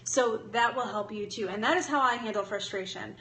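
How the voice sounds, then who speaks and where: A woman's voice: fairly high pitch, fairly quick, fairly bright tone. A young adult woman hosting a casual live stream, talking in an upbeat, encouraging way, chatting with viewers and laughing often. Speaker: live-stream host giving daily affirmations. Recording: echoey room with faint ambient noise.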